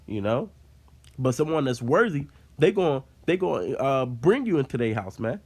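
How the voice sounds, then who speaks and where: A man's voice: mid-range voice, animated, moderate pace, a little mellow. Man reading and explaining scripture casually. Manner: reads scripture aloud then explains it in casual talk, with fillers like "man". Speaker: Bible teacher. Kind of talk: informal Bible study teaching.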